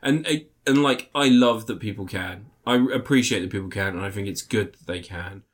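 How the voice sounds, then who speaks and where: A man co-hosting a casual podcast about films, talking in a sweary, animated way and often laughing. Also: on the low side, normal speed. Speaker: podcast co-host. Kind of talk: casual film review chat.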